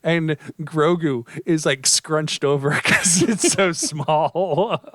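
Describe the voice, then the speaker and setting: A man co-hosting a podcast, explaining things in relaxed casual chat. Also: fairly high pitch, slow pace, dry recording, studio quality. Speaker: podcast co-host.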